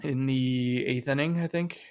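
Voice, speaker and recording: A man's voice: medium pitch, steady tone, unhurried, clean tone. A man co-hosting a podcast, talking casually about sports, swearing freely and trailing off with fillers. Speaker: podcast co-host.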